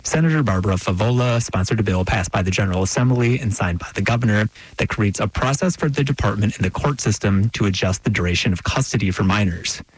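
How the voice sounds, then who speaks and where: A male radio reporter files a scripted news story in a measured, even manner. His voice sits low and carries a slightly husky edge. The sound is dry and close to the mic. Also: no echo, low-quality recording.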